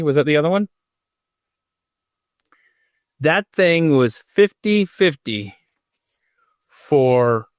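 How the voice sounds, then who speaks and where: A man's voice: medium pitch, a bit bright, no echo, studio quality. A man hosting a podcast in an unscripted, casual way, drifting off topic into self-mocking asides while reading out history. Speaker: podcast host.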